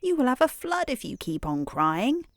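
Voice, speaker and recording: A woman's voice: sits high, sing-song, moderate pace, dry recording, clean studio sound, voice pushed up. Woman doing a fussy storybook frog. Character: fussy talking frog, fretful and lively.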